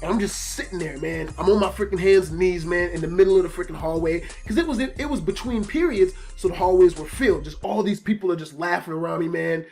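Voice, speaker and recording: A man recounts a story in a loose, profane monologue, his delivery running hot and emotional. Soft music plays faintly behind him. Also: sits high, fast talker, few pauses. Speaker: YouTube storyteller.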